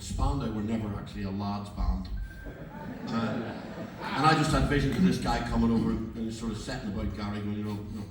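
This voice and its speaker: A man in his sixties telling a swearing, lively anecdote from a stage, acting out the people in it. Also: on the low side, background noise. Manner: swearing, animated storyteller acting out quoted dialogue. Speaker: performing musician on stage. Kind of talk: stage anecdote between songs. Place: live music venue, on stage. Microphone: fan camera far from the stage. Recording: echoey distant live-gig audience recording. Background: crowd and room ambience.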